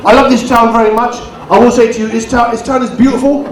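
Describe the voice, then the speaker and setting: A man's voice: very high voice, steady tone. A man doing live stand-up comedy and bantering with the crowd as compere. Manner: banters with the crowd, quick asides. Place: community venue hall. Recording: echoey hall, distant mic, audience.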